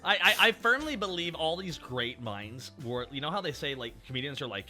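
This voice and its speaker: A man streaming, joking in casual comedic chat, animated and quick to laugh. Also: mid-range voice, soft background music.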